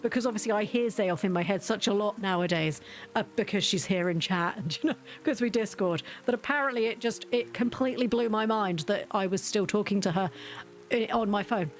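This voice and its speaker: A woman's voice: medium pitch, fairly quick, a little hiss or hum. A woman livestreaming, chatting casually and self-deprecatingly to her chat while telling family stories.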